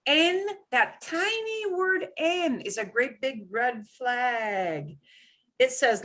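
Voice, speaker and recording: A woman teaching an online class, animated and quick to laugh. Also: on the high side. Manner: animated, punches stressed syllables, laughs easily. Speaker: Spanish teacher.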